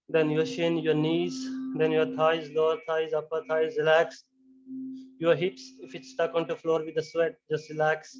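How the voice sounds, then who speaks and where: A man as a yoga instructor, giving slow, calm, step-by-step relaxation cues with frequent fillers, recorded in dull lo-fi sound with faint music behind. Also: fairly high pitch.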